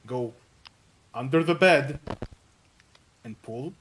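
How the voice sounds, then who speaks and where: A man's voice: mid-range voice, slow pace, fairly bright tone, a little hiss or hum. A man running a tabletop role-playing game, narrating the scene and reacting to his players with laughs and exasperated swearing. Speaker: game master.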